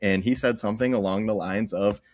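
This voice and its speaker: A man's voice: lowish voice, fairly even intonation, brisk, a little mellow, no room sound, studio quality. A young man, a podcast co-host, chatting casually and telling stories with easy laughs. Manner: storytelling, laughs easily. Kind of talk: casual chat.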